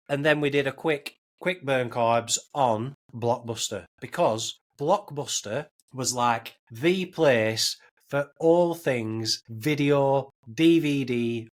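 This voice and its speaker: A man, hosting a casual podcast and rambling with many restarts and repeated words. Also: medium pitch. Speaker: podcast host.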